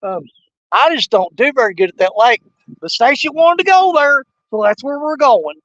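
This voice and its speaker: A folksy older man from Missouri, United States, hosts a fishing livestream outdoors on a river, chatting, joking, and laughing often with viewers. His extremely high-pitched voice is animated and fairly bright at a normal speed, and the recording is muffled with no echo.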